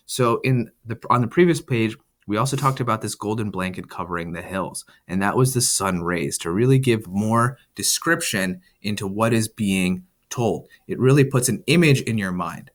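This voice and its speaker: A low-voiced writing tutor walking students through a story in plain, casual speech. He pauses on details and explains them with the occasional "um" and "kind of.".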